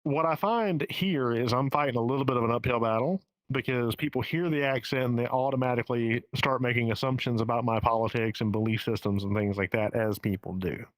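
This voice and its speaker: A man's voice: medium pitch, brisk, hardly any pauses, no room sound, rough recording. A man with a Southern US accent talking as a stand-up comedian guest in a casual podcast interview, candid and profane, often restarting his sentences. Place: home in the Pacific Northwest.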